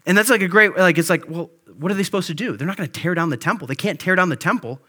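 A man pastor preaches in a relaxed, conversational manner and keeps checking in with his listeners. His voice sits high for a man and sounds bright and forceful. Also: quick pace. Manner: conversational, with frequent "like" and "right?". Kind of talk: sermon.

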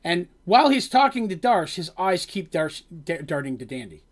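A man's voice: sits high, big pitch swings, moderate pace. A man, a game master, recounting a tabletop game session in a rambling way full of fillers. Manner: rambling, filler-heavy storytelling.

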